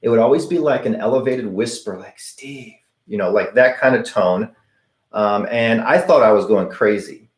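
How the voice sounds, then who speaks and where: A man's voice: lowish voice, normal speed. A middle-aged man hosting a live viewer Q&A, telling stories casually and acting out the voices he quotes. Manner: chatty, anecdotal, acts out quoted voices. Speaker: host of a paranormal channel answering viewer questions. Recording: echoey room.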